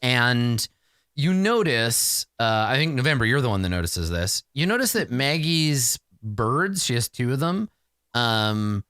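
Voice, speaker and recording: A man runs a tabletop game, narrating in an animated, rambling way full of restarts. His voice is bright and crisp. It sits dry and close to the mic. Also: mid-range voice, measured pace, no room sound. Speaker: game master.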